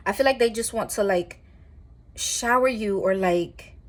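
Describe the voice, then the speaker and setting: Woman tarot reader, casual and rambling, mid-pitched. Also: measured pace. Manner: chatty, rambling, animated asides with laughs.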